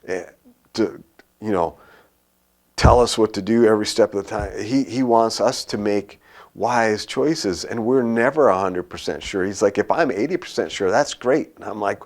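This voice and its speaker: A man preaches from the pulpit, with a voice that sits on the low side. He tells a personal story with animation and acts out both sides of a conversation. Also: moderate pace. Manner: animated storytelling, acts out his own panic and a dialogue. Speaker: pastor.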